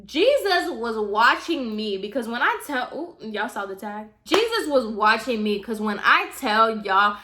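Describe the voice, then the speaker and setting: A woman's voice: fairly high pitch, big pitch swings, a little slow, few pauses, pushed and bright. A woman telling a storytime on her vlog, chatty and casual, using "like" a lot and talking straight to her viewers. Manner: chatty, heavy use of "like", addresses viewers directly. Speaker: vlogger.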